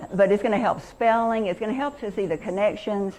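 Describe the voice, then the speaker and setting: A woman teaching reading, chatty and enthusiastic, slowing down to sound out words. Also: mid-range voice, a little mellow, poor audio. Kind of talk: teaching demonstration.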